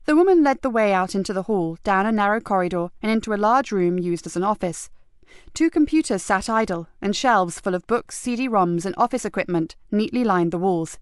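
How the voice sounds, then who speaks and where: A woman narrating a crime novel audiobook in a steady, even read. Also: mid-range voice, a little fast, clean tone, no room sound, clean studio sound. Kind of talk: scripted narration.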